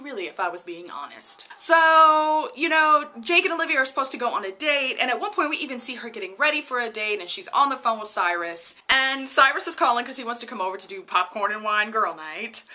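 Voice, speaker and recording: A woman's voice: on the high side, animated, quick pace, hardly any pauses, bright, forceful tone. A woman chatting casually to her viewers while reviewing a TV episode, often laughing and saying "you guys". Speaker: TV review vlogger.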